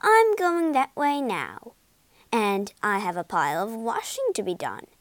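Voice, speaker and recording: A woman voicing a hearty, quick-tempered barge woman in a storybook reading. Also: on the high side, wildly swooping pitch, no room sound. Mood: friendly.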